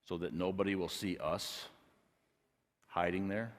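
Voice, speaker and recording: A man preaching a sermon as a pastor, telling a personal story and building to loud, emphatic points. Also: low voice, steady tone, unhurried. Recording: long reverb of a large hall.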